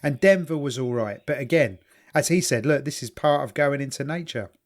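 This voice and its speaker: A man's voice: mid-range voice, expressive, a little fast. A man co-hosting a casual podcast, chatting loosely and swearing freely while recounting a documentary. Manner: chatty, swears freely, quotes people in little voices. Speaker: podcast co-host. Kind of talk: casual chat.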